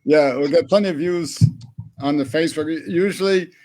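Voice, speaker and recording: A man hosting an online comedy show, chatty and halting, over a video call. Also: on the high side, a little mellow. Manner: halting and chatty, with fillers and chuckles.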